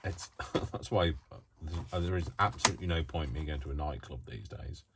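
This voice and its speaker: A man with a low voice chats his way through a crafting tutorial. He wanders off into self-mocking asides. His faulty microphone buries the voice in loud noise. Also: moderate pace. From United Kingdom. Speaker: crafting channel host.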